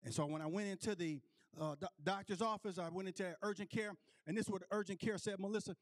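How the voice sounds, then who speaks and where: A male preacher with a notably high voice, preaching through a personal story. He restarts his phrases again and again and keeps checking in with the congregation. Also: steady tone, fast. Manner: repetitive restarts, calls out to the congregation. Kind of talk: storytelling sermon.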